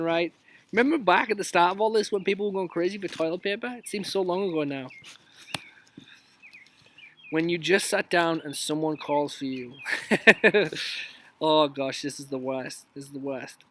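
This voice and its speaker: A man's voice: a little high, a bit bright, slight background noise. A man in his thirties hosting a casual live stream, joking his way through memes outdoors and dropping into whispers for asides.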